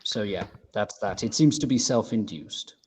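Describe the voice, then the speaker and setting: A man playing a tabletop role-playing game, speaking in a calm, measured, wry way. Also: lowish voice, slight background noise. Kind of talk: casual tabletop role-play chat.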